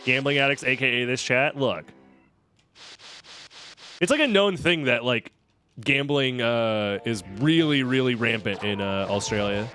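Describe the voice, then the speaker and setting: A man's voice: mid-range voice, measured pace, long pauses, pushed and bright, soft background music. An American man commentating a live-stream game run, joking and sarcastic as he chats with viewers. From United States.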